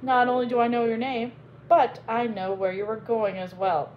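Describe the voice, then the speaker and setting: A brooding older priest hidden under a dark cape, menacing and secretive, played by a woman reading a storybook. His words come low and controlled, with a threat behind them. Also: little pitch movement, moderate pace, muffled recording, slight background noise, lightly acted.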